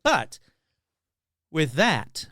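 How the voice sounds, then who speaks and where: A male podcast host talks off the cuff in a rambling, self-mocking way, his voice springing up and down all the time. His pitch sits a little high for a man. The sound is dry and close, with no room around it. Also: wildly swooping pitch, drawn-out words, sharp tone, no room sound. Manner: chatty, rambling, self-deprecating. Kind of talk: casual podcast monologue.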